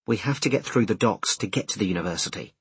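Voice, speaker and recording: A man's voice: lowish voice, expressive, fast talker, slightly rough, no echo. A man voicing a tense adult driver who keeps his strain in check, speaking in short, clipped lines in an audiobook. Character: tense adult man driving, trying to stay calm.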